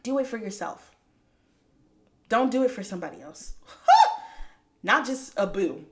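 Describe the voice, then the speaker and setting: A woman talking a faith-based pep talk on her own podcast. She speaks straight to the listener with a lively, preachy energy and laughs often. Her voice sits at an ordinary middle pitch. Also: normal speed. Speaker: podcast host.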